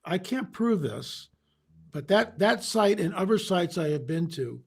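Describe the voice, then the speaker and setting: A man as an interview guest, telling a story in an animated way, often restarting his sentences. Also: high voice, a little slow, vocal fry, breathy edge. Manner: animated, re-enacts dialogue, frequent restarts.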